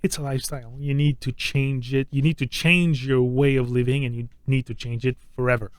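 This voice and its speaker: A man's voice: medium pitch, steady tone, brisk, no room sound. Man, middle-aged, hesitant, restarts a lot, dry close mic. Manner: hesitant, many fillers and restarts, laughs easily. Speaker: co-host. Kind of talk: casual health chat.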